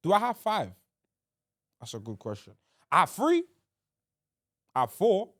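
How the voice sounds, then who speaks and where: Brief: young guy, solo podcast host, lively swinging delivery, dry close sound, rambly and excitable. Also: high-pitched, takes it slowly, no room sound. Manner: animated, rambling, restarts sentences often. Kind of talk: casual solo podcast chat.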